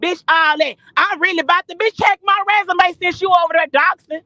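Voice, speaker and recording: A woman ranting loudly and profanely as a guest on a live stream, talking from her car while driving. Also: extremely high pitch, steady tone, no room sound. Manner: loud, profane, confrontational, fast bursts. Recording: muffled lo-fi stream audio.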